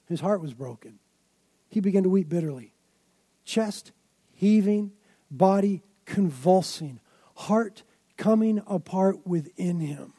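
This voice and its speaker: A man preaching a sermon in a fairly high yet mellow voice. He tells his stories dramatically, piling up emphatic phrases, and the recording is dry and close. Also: animated, takes it slowly, pauses often, breathy edge, no room sound. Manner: dramatic storytelling, emphatic build-ups. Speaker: pastor.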